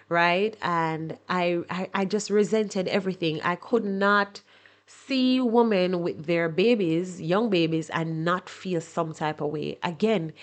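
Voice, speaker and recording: A woman on her podcast, talking openly about a painful time in her life. Her voice sits a little low, and she speaks with raw emotion, often restarting and repeating words as she goes. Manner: emotional, candid, repeats words when searching. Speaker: podcast host. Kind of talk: personal storytelling monologue.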